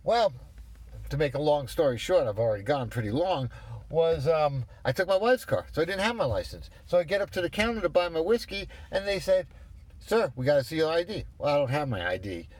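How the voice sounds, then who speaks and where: A man's voice: fairly high pitch, big pitch swings, a little fast, a little mellow, dry recording. A man in his fifties ranting in a rambling, exasperated way, swearing as he goes. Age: 50s. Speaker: ranter. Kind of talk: casual rant.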